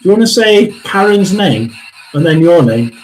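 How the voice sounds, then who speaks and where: A man with a high, bright-toned voice that swoops up and down as he muses through a live psychic reading. He talks to the spirits and to his viewers in a casual, excitable way. A faint hiss of background noise sits under the voice. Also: moderate pace, poor audio. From England. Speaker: psychic medium livestream host.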